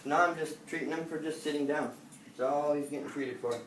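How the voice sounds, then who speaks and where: A man's voice: a little high, a little fast. Man explaining dog training, roomy and distant. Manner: relaxed, rambling, with many fillers. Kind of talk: casual explaining to camera while training. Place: indoor dog facility. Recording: roomy, distant camera sound, noisy.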